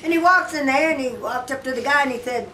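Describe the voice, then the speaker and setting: A woman's voice: high voice, quick pace. A woman telling bawdy jokes to friends in a cruise ship suite, often laughing through her own punchlines, heard from some distance in an echoey room with background noise. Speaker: joke teller. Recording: echoey room, far from the mic, noisy.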